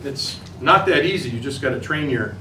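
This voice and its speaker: A man's voice: mid-range voice, animated, normal speed, sharp tone, a little hiss or hum. A man with an Upper Midwest American accent giving a plain, folksy, step-by-step demonstration for hunters. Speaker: turkey hunting instructor. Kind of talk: outdoor demonstration talk to hunters. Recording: roomy sound, voice from a distance, faint ambience.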